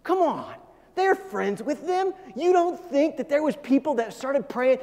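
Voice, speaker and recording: A middle-aged man preaching a sermon as a pastor, talking fast and emphatic, often repeating phrases. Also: very high voice, lively intonation, warm tone, big-room sound.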